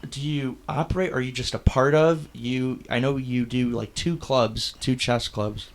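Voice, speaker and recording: A man's voice: mid-range voice, steady tone, normal speed. A man hosting a casual podcast interview, asking short questions and reacting with short, enthusiastic remarks. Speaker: podcast host.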